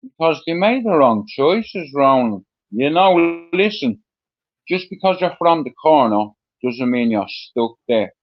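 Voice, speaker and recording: This middle-aged Irishman with a Dublin accent has a fairly high voice that swings widely in pitch and moves a little slowly. He tells his story as a guest in a rambling, casual way, swearing and using fillers throughout, captured in dull lo-fi sound.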